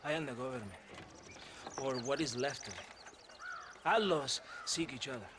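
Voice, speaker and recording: A man's voice: medium pitch, lively intonation, moderate pace, natural voice. A man playing a menacing army captain. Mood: brooding. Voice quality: theatrical, drawling menace. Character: smooth corrupt Mexican army captain, menacing. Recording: game audio with loud background noise.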